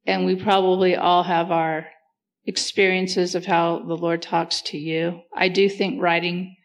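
A woman's voice: lowish voice, level tone, a little slow. A woman talking earnestly and reflectively in a casual faith discussion, thinking aloud as she goes.

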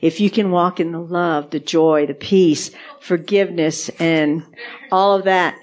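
A woman's voice: fairly low pitch, steady tone, unhurried, a little mellow. A woman co-hosting a podcast, sharing faith testimonies in casual chat, earnest and repeating words for emphasis. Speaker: podcast co-host.

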